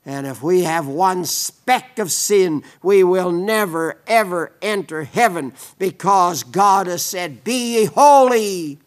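Slow, high-voiced fervent male preacher. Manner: fervent, rises to loud emphatic peaks, then sinks to hushed low tones. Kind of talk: sermon.

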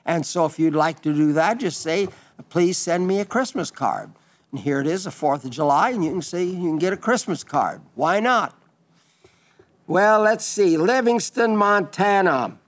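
Folksy radio minister, higher-pitched man. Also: animated. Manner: folksy, unhurried, with frequent fillers and restarts. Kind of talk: radio ministry talk, reading listener letters.

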